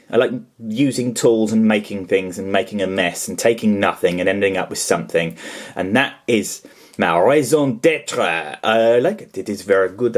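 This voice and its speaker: Rambling, self-deprecating man vlogging. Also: fairly low pitch. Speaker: toy customiser and vlogger. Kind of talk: casual chatty vlog.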